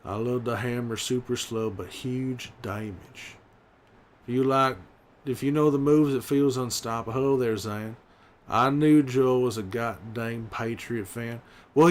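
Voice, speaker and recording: Gruff, wry middle-aged survivor, a man in character, teasing chat with slow, easy cursing. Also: medium pitch, a bit bright, natural voice. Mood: bantering. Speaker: streamer in character. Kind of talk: in-character livestream banter.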